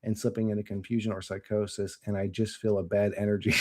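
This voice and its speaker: A man's voice: on the low side, level tone, quick pace. A man rambling casually to his stream chat, swearing and laughing often. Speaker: channel host.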